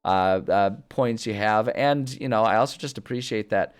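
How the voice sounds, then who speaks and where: A man's voice: on the low side, moderate pace, smooth. A streamer thinking aloud in casual chat as he plans a story, rambling with many fillers and restarts. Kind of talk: casual livestream chat about story planning.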